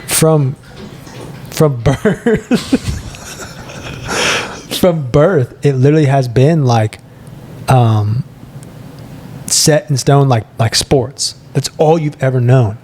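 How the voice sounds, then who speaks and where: A man's voice: medium pitch, slow, pauses often, warm tone, slight background noise. A young man co-hosting a podcast in casual chat, rambling and earnest, laughing between thoughts. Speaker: podcast co-host.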